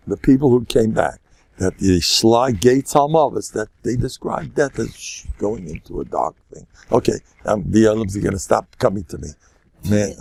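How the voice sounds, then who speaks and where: A man's voice: mid-range voice, creaky, darkish tone, no room sound. An older man with American English touched by Yiddish phrasing, giving a chatty, joking Torah class that mixes in Yiddish and Hebrew phrases. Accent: American English with Yiddish-inflected phrasing. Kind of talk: informal Torah lecture.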